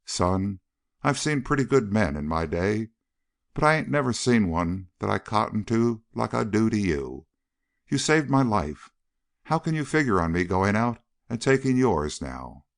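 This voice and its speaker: A man voicing a small, aging male gunfighter who talks in a gentle, pleading frontier drawl for an audiobook. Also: lowish voice, very animated, a little slow, gravelly, full character voice. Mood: earnest. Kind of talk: audiobook character reading.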